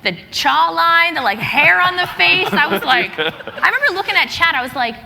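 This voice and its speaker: A young woman telling stories on a convention panel, animated, laughing and acting out her reactions. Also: very high-pitched, moderate pace, vocal fry. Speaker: panelist, role-play streamer. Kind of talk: panel storytelling on stage. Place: large convention hall stage. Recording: convention hall with crowd noise.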